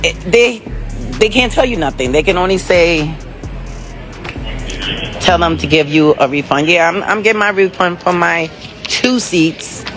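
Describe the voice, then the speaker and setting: A woman's voice: lowish voice, lively intonation, a little slow, pauses often, music in the background. Frustrated woman ranting into her phone. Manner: frustrated, confrontational, rambling. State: upset and teary. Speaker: passenger filming herself. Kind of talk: casual phone vlog.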